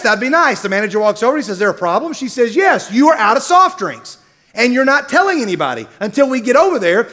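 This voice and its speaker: High-voiced animated man telling a story. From Middle Tennessee. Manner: animated, comic storyteller who acts out characters. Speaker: speaker at a university gathering. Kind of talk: storytelling sermon.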